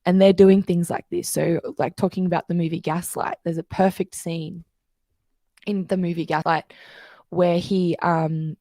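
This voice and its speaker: A woman's voice: fairly low pitch, little pitch movement, a little slow, dark tone, no echo, studio quality. A woman guest coach explaining things in casual interview chat, telling stories and acting out the voices she quotes.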